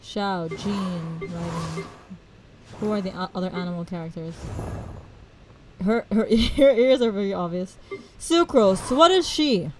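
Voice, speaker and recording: A woman's voice: mid-range voice, a little slow, long pauses, a little hiss or hum, rough recording. A young woman streaming a video game, chatting casually and giggling, with lots of "like" fillers.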